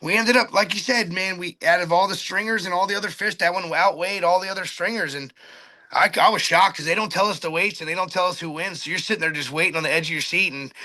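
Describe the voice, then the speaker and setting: A middle-aged man tells a fishing tale in a high, bright voice. He races along, stumbles over restarts and acts out what everyone said. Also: fast talker. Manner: animated, restarts often, acts out his own quotes. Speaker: charter boat captain telling a fishing story. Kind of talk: excited casual storytelling.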